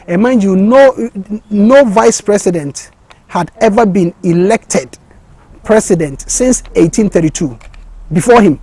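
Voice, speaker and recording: Speaking with passion, a man delivers a motivational talk, his voice high and husky with a mellow quality. He often repeats words and starts sentences over, rising to excited climaxes. The recording is close and dry.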